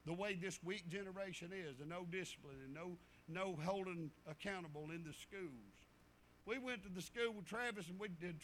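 A man's voice: high-pitched, sharp tone. A middle-aged man preaching a sermon in a folksy way, repeating himself and acting out stories.

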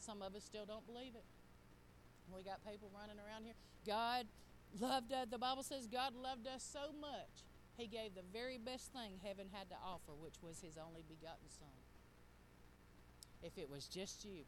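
A woman's voice: medium pitch, a bit bright, a little hiss or hum, rough recording. A middle-aged woman preaching a sermon, talking straight to the congregation in a folksy way.

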